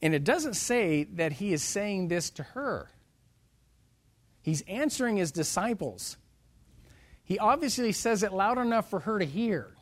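A man preaching a sermon. He reads scripture in old-style wording, then retells it in plain, casual words with dramatic swings between loud and soft. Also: high voice, big pitch swings, measured pace, pauses often.

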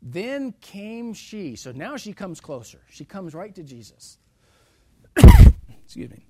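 A man preaching a sermon. He reads scripture in old-style wording, then retells it in plain, casual words with dramatic swings between loud and soft. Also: high voice, big pitch swings, takes it slowly, slightly rough.

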